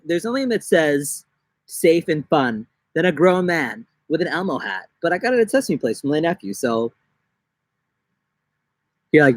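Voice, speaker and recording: A man's voice: very animated, measured pace, dry recording. Jokey young man live-streaming outdoors. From New York. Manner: jokey, rambling, slips into silly high-pitched voices. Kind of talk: casual live-stream chat. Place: outdoors in a backyard.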